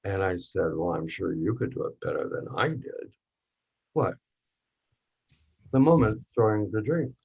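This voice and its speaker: A man reads the part of a reflective narrator recounting a night with a film actor in a staged monologue. The voice sits low, with a husky, gravelly texture, and turns intimate and hushed at the tense moments. The recording sounds dull and lo-fi. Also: unhurried, long pauses, full character voice. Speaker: actor in a workshop reading. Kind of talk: dramatic monologue reading.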